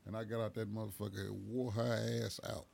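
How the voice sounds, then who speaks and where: Gravelly-voiced man telling loose stories. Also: fairly low pitch, flat delivery, a little fast, heavy background noise. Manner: loose, profane, laughing storytelling. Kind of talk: casual storytelling chat.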